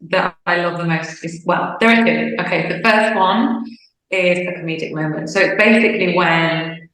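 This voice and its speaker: A young woman who sings opera chats casually in an interview, her lowish voice moving at a normal speed. She's animated and chatty, acting out little quoted bits of dialogue. The room is echoey.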